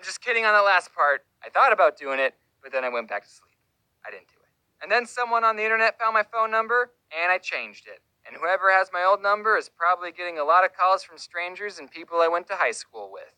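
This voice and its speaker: A woman's voice: fairly high pitch, expressive, brisk, pushed and bright, no echo, poor audio. A woman telling a comic personal story with a dry, sarcastic delivery.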